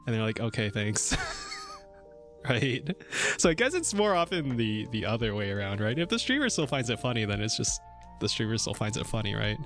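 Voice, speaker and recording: A man's voice: mid-range voice, wildly swooping pitch, a little fast, fairly bright tone. Rambling, chuckly young male streamer. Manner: rambling and chuckly, many fillers, thinks aloud. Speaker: VTuber streamer coding a game. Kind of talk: casual livestream chat while coding. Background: faint music and keyboard typing.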